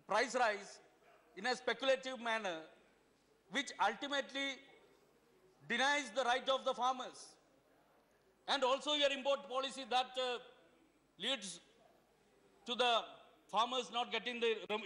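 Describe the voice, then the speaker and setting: Forceful Indian man speaking in a reverberant parliament hall. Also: very high voice. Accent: Indian English. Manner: forceful, rhetorical questioning with repeated words. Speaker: member of parliament. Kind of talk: parliamentary debate speech. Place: parliament chamber. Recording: long reverb of a large hall.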